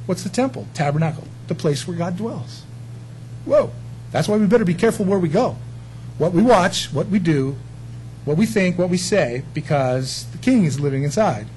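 A man's voice: high-pitched, expressive, moderate pace, a little mellow, a little hiss or hum, poor audio. A man preaching a sermon, emphatic and folksy, often asking his listeners questions.

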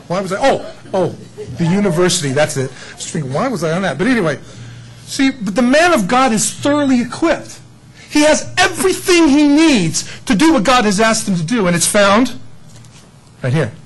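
Animated high-voiced preacher man. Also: a little hiss or hum, low-quality recording. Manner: animated, jokes and laughs at his own stories. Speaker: pastor. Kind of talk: sermon teaching.

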